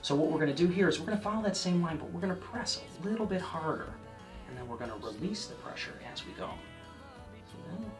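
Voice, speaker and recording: A man giving a casual painting lesson, chatting to the viewer and often checking in, sometimes dropping to a soft near-whisper as he works. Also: on the high side, animated, fast, over music. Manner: drops to a soft near-whisper while working. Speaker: painting instructor.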